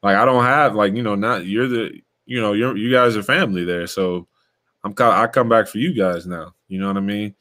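Animated storytelling young man. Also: lowish voice, a little fast. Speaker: podcast host, former player. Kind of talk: casual storytelling chat.

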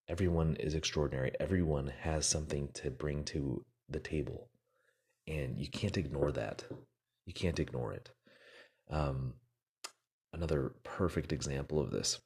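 A man's voice: rumbling low, vocal fry, darkish tone, slightly rough. A man giving an earnest, motivational casual talk, rambling with fillers and repeated words.

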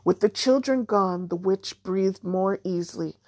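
A woman narrating a children's storybook in a measured, even way. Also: mid-range voice, dry recording. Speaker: audiobook narrator.

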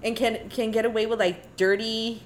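A woman's voice: on the high side, steady tone, moderate pace, a little hiss or hum. A woman comedian in casual chat, laughing often and swearing freely.

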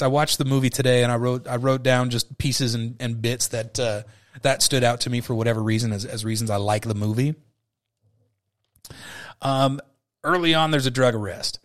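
A man's voice: medium pitch, very animated, moderate pace, pauses often, a bit bright. Rambling, profane man hosting a podcast. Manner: rambling, profane, with frequent fillers. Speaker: podcast host. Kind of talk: casual movie review chat.

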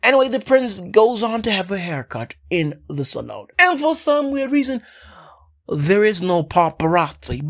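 Sarcastic rambling film recapper, lively pitch. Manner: sarcastic, rambling, keeps saying "anyway"; swears then apologizes. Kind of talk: casual ranting film recap.

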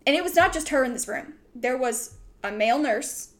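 A young woman hosting a chatty podcast recounts a story at length, her voice sitting a little high. She rambles, circling back with lots of "like" and "um" as she goes. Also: lively intonation, normal speed, a bit bright. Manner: rambling, full of "like" and "um". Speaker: podcast host. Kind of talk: casual storytelling chat.

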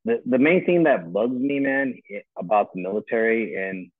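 A man's voice: lowish voice, lively intonation, moderate pace, no echo. A man in his forties, a retired army first sergeant, ranting bluntly and with plenty of swearing in casual chat over a call from home. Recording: tinny phone-like call line.

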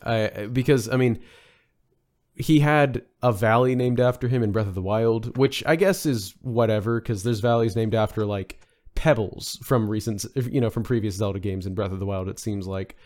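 A man's voice: lowish voice, normal speed, darkish tone. Man musing, lots of fillers. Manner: rambling, many fillers and restarts. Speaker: podcast guest. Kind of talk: casual podcast discussion.

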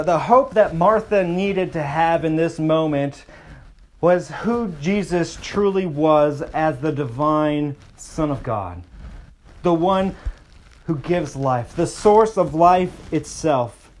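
A pastor preaching a sermon, slowing down and dropping his voice to stress key lines. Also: on the high side. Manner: expressive preaching, slows and softens for emphasis.

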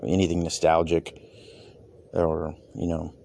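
A man's voice: deep voice, monotone, measured pace, gravelly, warm tone, a little hiss or hum. A man who does stand-up and podcasts, a father himself, talking in a rambling, candid way, with casual swearing. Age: adult with children. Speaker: comedian and podcaster. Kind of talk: casual personal reflection.

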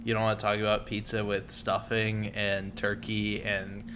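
A man's voice: on the low side, completely flat delivery, normal speed, a crowd in the background. A man co-hosting a podcast, chatting casually and playfully with his friend, joking around. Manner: playful, jokey, bursts into mock shouting. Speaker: podcast co-host.

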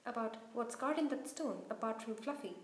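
A woman's voice: a little high, expressive, normal speed, lightly acted. Polite, earnest schoolboy read by a woman, echoey room. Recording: roomy echo.

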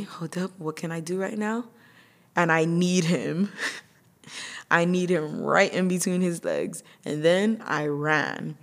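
A young woman hosting a podcast, telling a painful personal story candidly and emotionally, with nervous laughs. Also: deep voice. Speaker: podcast host.

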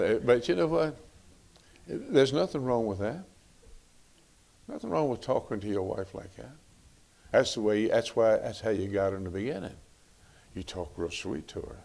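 A middle-aged man delivers a sermon in a folksy, conversational manner, often repeating himself for emphasis. His voice sits low and carries a gravelly rasp. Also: a little mellow. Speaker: preacher. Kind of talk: sermon on marriage.

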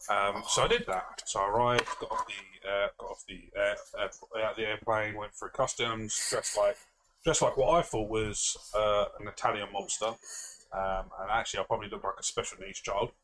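A man's voice: on the low side, fairly even intonation, normal speed, noisy background. Rambling man telling a story. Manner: rambling, self-mocking, swears freely, laughs often. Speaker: podcast co-host. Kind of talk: casual storytelling chat.

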